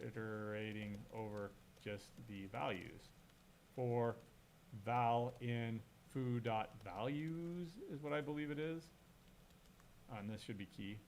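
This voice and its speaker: A man at a middle pitch gives a live-coding lecture. He thinks aloud as he types and corrects his own slips. He asks the class questions, and a faint hum sits under his voice. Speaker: programming lecturer.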